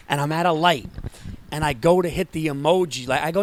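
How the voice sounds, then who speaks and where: A man telling a comic story as a podcast guest, excitable and acting out both sides of a conversation. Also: fairly high pitch, fast talker, slight background noise. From Greek and Sicilian heritage. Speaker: comedian guest. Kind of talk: animated storytelling.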